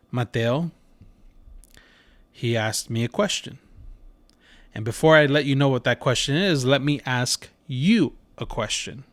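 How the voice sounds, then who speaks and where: A man's voice: medium pitch, dry recording. Earnest man telling a family story. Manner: conversational and earnest, lots of fillers. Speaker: podcast host. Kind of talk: casual storytelling monologue.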